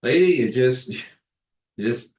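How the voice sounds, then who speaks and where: A man's voice: medium pitch, expressive, unhurried, a little mellow, pitched above the performer's own voice, close to an everyday voice. A man voicing a wry, easygoing former pastor who jokes in a dry way, in a roomy-sounding recording. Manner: dry, joking. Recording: roomy echo.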